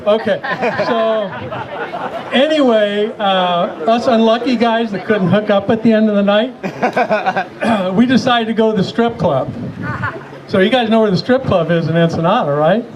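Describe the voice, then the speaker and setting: A man's voice: sits high, a little slow. A man telling a bawdy, laughing anecdote to a crowd at a memorial. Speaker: mourner telling a story at a memorial. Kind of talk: casual storytelling to a crowd. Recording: noisy crowd around the mic.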